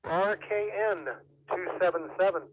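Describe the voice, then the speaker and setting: Man, net control operator, high voice, formal announcing, dull radio sound with faint hiss. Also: measured pace. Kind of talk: reading a net check-in script.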